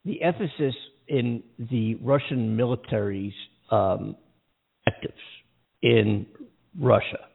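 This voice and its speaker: A man's voice: mid-range voice, takes it slowly, creaky, long pauses, slightly rough. A man co-hosting a radio talk show, chatting casually about the news and often losing his train of thought and laughing at himself. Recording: phone-like streaming audio.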